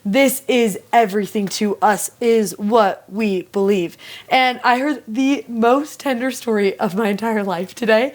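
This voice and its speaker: Animated young woman discussing scripture. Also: on the high side, measured pace. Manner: animated storyteller, frequent "like" fillers. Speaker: co-host of scripture study show.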